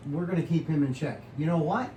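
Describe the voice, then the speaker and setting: A man with a fairly high voice chats eagerly and keeps firing off questions. He sits back from the microphone, so the voice carries a roomy echo. A clear hiss runs behind him. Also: brisk, dark tone, distant mic. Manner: enthusiastic, asks lots of questions. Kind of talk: casual chat.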